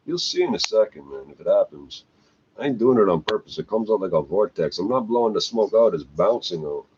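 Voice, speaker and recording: A man's voice: sits low, wildly swooping pitch, brisk, muffled recording, background noise. A man ranting bluntly to camera, swearing often and tagging lines with "eh". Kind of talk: rambling profane rant to camera.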